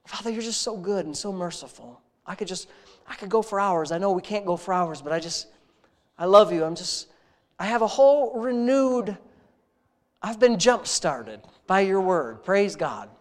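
A man's voice: high-pitched, expressive, normal speed. Earnest man leading a heartfelt spoken prayer. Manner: earnest, heartfelt, repetitive praise phrases; conversational, intimate tone. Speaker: prayer leader.

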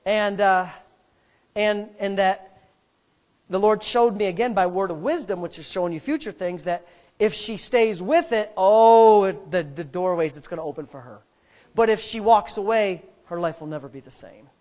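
High-voiced, emphatic pastor. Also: male voice, moderate pace, a little mellow. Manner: emphatic, rambling, with restarts. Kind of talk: sermon storytelling.

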